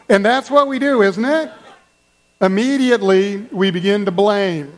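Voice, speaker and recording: A man with a fairly high voice delivers a sermon. He is conversational and playful, asking his listeners questions and getting them to join in. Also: a little slow. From German family background. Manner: conversational, playful, addresses the congregation directly. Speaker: pastor.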